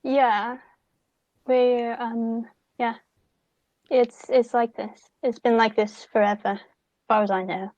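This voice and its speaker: Woman player, slow and hesitant, fairly high voice, dry recording. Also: little pitch movement, darkish tone, dry recording, lo-fi sound. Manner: hesitant, halting with many ums. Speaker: tabletop game player. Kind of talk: casual tabletop role-play.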